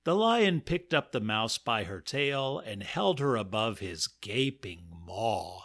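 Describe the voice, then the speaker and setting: A man hosting a comic story podcast, narrating in a dry, measured way with playful emphasis. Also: fairly low pitch, lively intonation, fairly bright tone.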